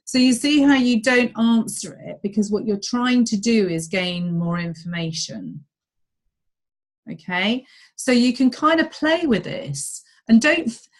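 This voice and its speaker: A woman leading a group video call as a business coach, chatty and acting out little dialogues in bright voices. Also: mid-range voice.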